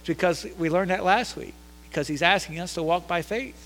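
Man, pastor, sermon, emphatic and repetitive, forceful tone, long hall reverb. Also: high voice, a little fast. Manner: emphatic, repetitive, swings between loud and hushed.

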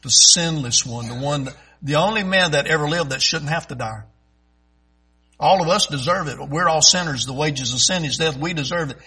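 A middle-aged man preaching a sermon in a folksy, emphatic way, swelling loud and stretching out key phrases. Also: fairly high pitch, fairly quick, slightly rough, rough recording.

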